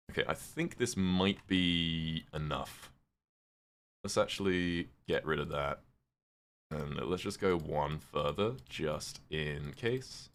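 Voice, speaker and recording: A man with a very deep voice chats his way through a live game stream. He answers viewers' questions casually and swears now and then. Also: a bit bright. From United Kingdom. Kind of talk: casual live-stream chat while gaming.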